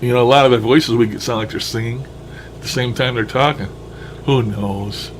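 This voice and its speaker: A man's voice: mid-range voice, steady tone, normal speed, very noisy. A man casually commenting on his own recordings, musing aloud, chuckling often and swearing now and then. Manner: chuckling, musing, mildly profane. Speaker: paranormal enthusiast reviewing his recordings. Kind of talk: casual commentary over playback.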